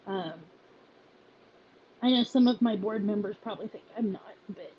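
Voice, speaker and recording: A woman who leads a volunteer group, speaking in a halting, emotional personal message with many restarts, close to tears. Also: mid-range voice, muffled recording, a little hiss or hum.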